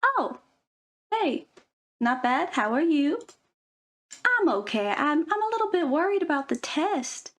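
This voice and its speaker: A woman's voice: high voice, very animated, measured pace, pauses often, voice pushed up. A woman voicing an insecure schoolgirl who whines and fishes for compliments in a skit. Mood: fishing, needy. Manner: whiny, self-deprecating.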